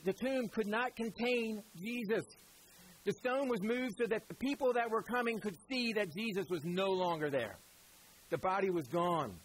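A man's voice: high-pitched, slightly rough, rough recording. A male preacher giving a sermon in a conversational, storytelling way, often calling his listeners "guys".

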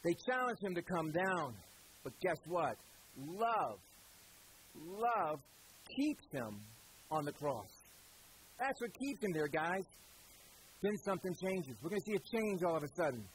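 A man preaching a sermon, pausing for effect and repeating phrases for emphasis. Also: high-pitched, very animated, slight background noise, poor audio.

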